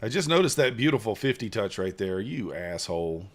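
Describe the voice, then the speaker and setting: A man's voice: fairly low pitch, sing-song, a little fast. A man chatting casually and joking with viewers while streaming his trading. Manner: rambling, joking with chat viewers. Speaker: futures trading live streamer. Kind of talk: casual live-stream chat.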